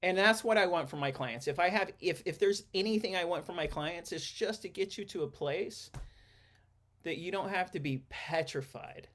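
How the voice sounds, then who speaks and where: A man's voice: high voice, normal speed, a bit bright. Rambling man hosting a podcast. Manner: rambling, frequent restarts and fillers. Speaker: podcast host and counselor. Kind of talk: casual interview chat.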